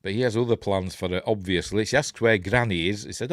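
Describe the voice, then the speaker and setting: A man's voice: lowish voice, a little fast, dry recording, studio quality. A middle-aged man with a Yorkshire accent hosting a rambling, chuckling film breakdown, going off on tangents as he talks. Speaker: film review host. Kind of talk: casual film commentary.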